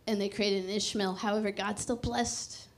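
A woman's voice: medium pitch, steady tone, normal speed. A young adult woman preaching a sermon in a casual, conversational way, often laughing and stressing words playfully. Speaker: pastor.

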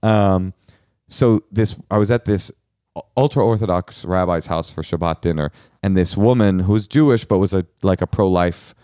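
Male podcast cohost, low voice, very animated delivery, dry close mic. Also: moderate pace, clear, resonant tone, no room sound. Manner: rambling, animated storytelling with restarts. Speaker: podcast host. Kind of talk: casual comedic chat.

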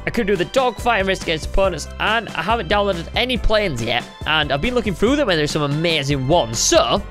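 A woman casually commentating while she plays a flying game, excitable and playful, talking to herself and her viewers. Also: lowish voice, a little fast. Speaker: gaming YouTuber. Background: game music.

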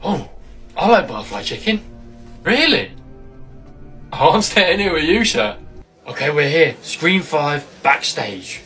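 A man voicing a secretive male janitor, speaking in a low, hushed, conspiratorial way. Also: very animated, measured pace, long pauses, soft background music, full character voice.

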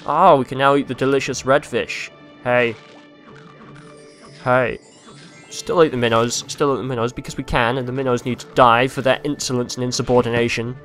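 A young man commentating a video game he is playing, rambling and crude, mocking himself and breaking into silly yells. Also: mid-range voice. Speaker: let's play host.

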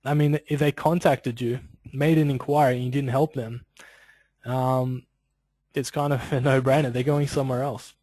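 A man's voice: medium pitch, level tone, normal speed, mellow, poor audio. A man presenting an instructional webinar in a loose, conversational way, full of casual asides. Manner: conversational, loose, peppered with "you know" and "like".

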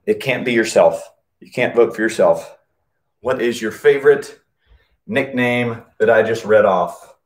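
A man's voice: fairly low pitch, unhurried. A man running a live-streamed PE class, upbeat, calling out nicknames and counting exercise reps, short of breath from working out. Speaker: PE coach.

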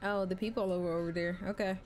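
Excitable woman streaming a game. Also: medium pitch, fast talker, over loud music. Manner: loud, excitable, swearing banter. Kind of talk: live gameplay commentary.

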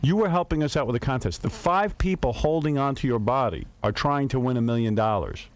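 A man's voice: mid-range voice, expressive, fairly quick. A man hosting a radio talk show, needling a guest with teasing questions.

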